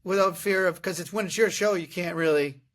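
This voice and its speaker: A man in his thirties hosting a podcast, telling comic stories in a casual, animated way and often laughing. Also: sits high, brisk, slight background noise. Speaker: podcast host. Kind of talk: casual comedic storytelling.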